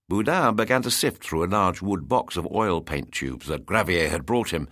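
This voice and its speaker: A man narrating a storybook in an expressive, descriptive reading. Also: low voice, moderate pace, few pauses, no room sound, clean studio sound.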